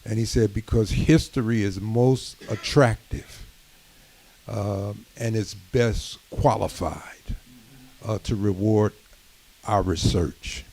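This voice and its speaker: Mellow-voiced man giving a religious lecture. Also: fairly low pitch, takes it slowly, rough recording. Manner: emphatic, building rhetorical repetition; frequent "uh" and "um" fillers. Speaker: speaker addressing a religious community gathering.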